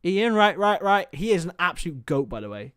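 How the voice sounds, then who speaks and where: A man's voice: sits high, sing-song, fairly quick, fairly bright tone, smooth, no room sound, studio quality. A young man hosting a casual football watchalong stream, joking and chatting to viewers as lads. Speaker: livestream host.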